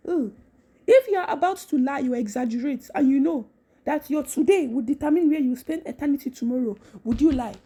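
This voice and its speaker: A woman giving a casual devotional talk, animated, repeating phrases and laughing often. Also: high-pitched, a little fast. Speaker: Christian content creator.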